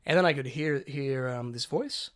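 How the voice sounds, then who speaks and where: A man's voice: medium pitch, moderate pace. A young man, co-hosting a podcast and telling a story in casual chat, often mimicking people in a broad voice. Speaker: podcast co-host.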